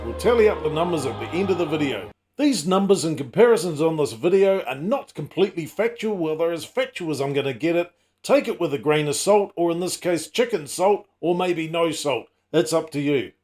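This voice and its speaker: A man's voice: a little high, animated, fairly quick, darkish tone. A middle-aged man hosting a casual comedy vlog, full of wry, self-mocking asides and teasing jokes. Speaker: channel host.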